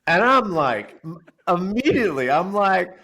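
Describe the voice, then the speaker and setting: Animated man telling a story. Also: sits high, a little slow. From Florida resident. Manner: animated storyteller, acts out quotes loudly. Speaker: podcast co-host. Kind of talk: casual podcast chat.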